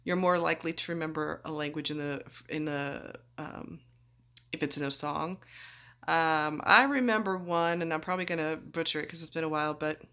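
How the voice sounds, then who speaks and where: A woman's voice: low-pitched, moderate pace, pushed and bright. A woman vlogging after surgery, groggy and chatty, rambling through her story and acting out what people said. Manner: chatty, rambling, acts out quoted voices. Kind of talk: casual storytelling.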